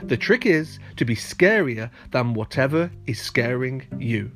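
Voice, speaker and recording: A man voicing a cheeky, bold young male rabbit who is brash and excitable. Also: mid-range voice, measured pace, faint music behind. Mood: cocky.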